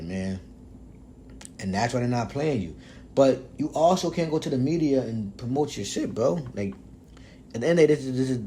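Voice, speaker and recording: A young man hosting a casual sports podcast, talking loosely with lots of slang and profanity, swinging between loud outbursts and low muttering. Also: slight background noise. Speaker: podcast host.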